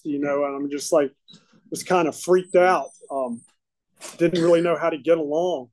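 A man sharing his recovery story at a meeting, talking haltingly with many fillers and restarts. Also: on the high side, steady tone, a little mellow, rough recording. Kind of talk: personal testimony at a recovery meeting.

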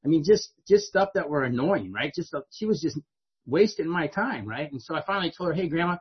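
A man's voice: on the high side, very animated, a little fast, breathy edge, lo-fi sound. A middle-aged man telling his own life story to an audience in a conversational way, often asking "right?". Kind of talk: personal storytelling speech to an audience.

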